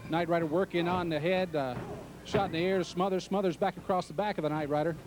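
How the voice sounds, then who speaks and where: A man calling a wrestling match play-by-play, excited and joking. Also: high voice, quick pace, background noise. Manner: excited, joking, shouts at big entrances. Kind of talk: play-by-play commentary.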